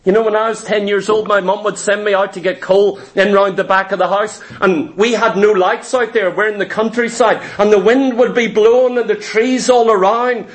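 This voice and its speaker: A man preaching with a notably high voice. He drives his points home with emphasis and slips into dramatic voices for the figures he quotes. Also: fairly even intonation, moderate pace, few pauses. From Ireland. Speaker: pastor. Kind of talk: sermon.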